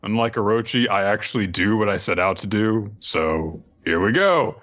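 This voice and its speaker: A man voicing a huge, cruel dragon pirate lord who speaks slowly with gloating threats. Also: animated, a bit bright. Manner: slow, booming, gloating threats. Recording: dull lo-fi sound.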